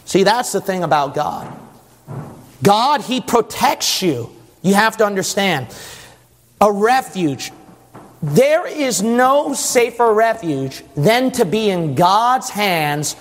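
High-voiced preacher in a reverberant hall. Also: male voice, big pitch swings, slow, fairly bright tone. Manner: emphatic, asks the congregation questions. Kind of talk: sermon. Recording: long church reverb.

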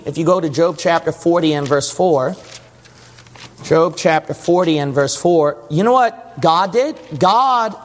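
High-voiced preacher in a reverberant hall. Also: male voice. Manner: emphatic, asks the congregation questions. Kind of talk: sermon. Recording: long church reverb.

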